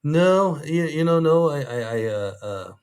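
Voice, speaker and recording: A man's voice: fairly high pitch, animated, measured pace, clean tone. A man, a former prison guard, telling rambling, easygoing anecdotes in an interview, full of restarts and fillers.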